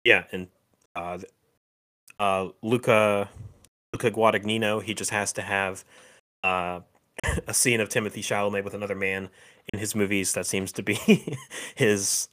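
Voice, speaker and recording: A man with a fairly low voice co-hosts a podcast in easy conversation. He hesitates constantly, restarting his sentences and chuckling between thoughts. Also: steady tone, sharp tone. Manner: halting, many fillers and restarts, laughs often. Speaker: podcast co-host. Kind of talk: casual chat.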